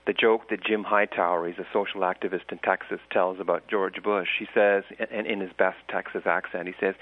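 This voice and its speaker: A man, an author, talking as a guest on a radio interview, thoughtful and halting with many restarts. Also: deep voice, steady tone, dry recording. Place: island cottage. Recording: tinny phone line.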